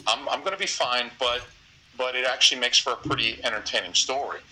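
A man's voice: mid-range voice, fast talker, a crowd in the background, low-quality recording. A man with a Boston accent telling a crude, rambling story as a podcast guest, profane and often laughing.

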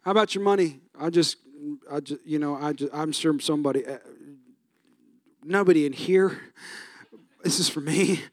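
A middle-aged man preaching a sermon as pastor, telling a family story with lively, shouted re-enactments. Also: fairly high pitch, normal speed, pauses often, dry recording, studio quality. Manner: animated storytelling, acts out his own voice in shouted bursts.

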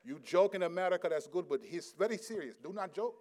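Solemn male elder, grave and slow , as a preacher puts him on, fairly high voice. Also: animated, a little mellow. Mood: stern.

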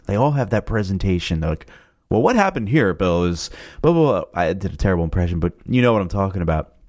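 A man's voice: lowish voice, a little mellow, dry recording, studio quality. A man hosting a casual video commentary, amused and chatty, laughing often. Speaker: video reaction host.

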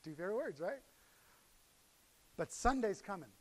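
A middle-aged man preaching from the pulpit in a fairly high voice. He tells the story with animated energy, jumping from loud, excited outbursts to quiet, hushed asides as he acts out the characters. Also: moderate pace. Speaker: pastor. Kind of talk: sermon.

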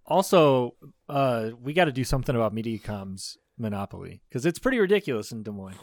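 A man's voice: mid-range voice, very animated, brisk, no room sound, studio quality. A young man from Iowa co-hosting a podcast with a clogged nose, laid-back and asking questions. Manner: laid-back, asks questions, laughs easily. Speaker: podcast co-host. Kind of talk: casual chat.

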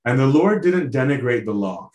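A man's voice: mid-range voice, animated, normal speed, darkish tone. A male priest giving a sermon, speaking earnestly and conversationally, often asking his listeners direct questions and checking in with "right?". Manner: conversational, tags lines with "right?". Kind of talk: sermon on a Bible passage. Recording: roomy echo.

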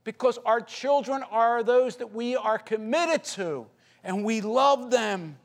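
High-voiced man preaching a sermon. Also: takes it slowly. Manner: earnest preaching, rising to fervent prayer. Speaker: pastor.

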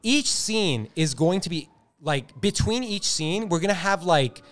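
A man hosting a comedy podcast, rambling through a casual, animated chat. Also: high-pitched, a little slow. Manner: rambling, animated, frequent laughter. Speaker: podcast host.

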